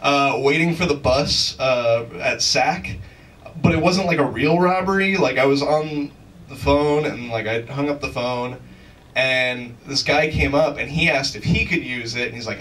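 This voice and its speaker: A man's voice: on the high side, a little slow, a bit bright, far from the mic, low-quality recording. Rambling self-mocking male stand-up comic. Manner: self-deprecating, rambling with many fillers, laughs at own jokes. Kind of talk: stand-up set. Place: comedy club stage.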